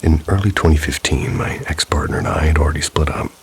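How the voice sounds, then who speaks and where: A man's voice: very deep voice, fast talker, husky, in a whisper. A man narrating first-person paranormal stories in a scripted way, dropping dry, wry asides. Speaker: storyteller reading viewer stories.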